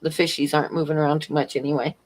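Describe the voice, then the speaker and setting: A woman's voice: low-pitched, little pitch movement, rapid-fire, heavy background noise. A woman working as a convenience store clerk, chatting casually on a stream at home and telling stories with frequent laughter. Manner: rambling, chatty storyteller who laughs often. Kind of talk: casual chat on a live stream. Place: at home, near a fish tank.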